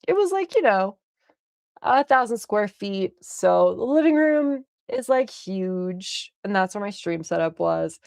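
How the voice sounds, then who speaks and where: A young woman streamer casually telling a story, animated, often laughing and swearing freely. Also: medium pitch, measured pace, creaky, no room sound, clean studio sound.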